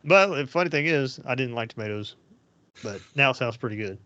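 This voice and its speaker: A man's voice: medium pitch, expressive, a little fast, pushed and bright, no echo. Rambling man, lo-fi. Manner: rambling and anecdotal, with frequent fillers. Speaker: podcast host. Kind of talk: casual storytelling chat. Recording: dull lo-fi sound, dry.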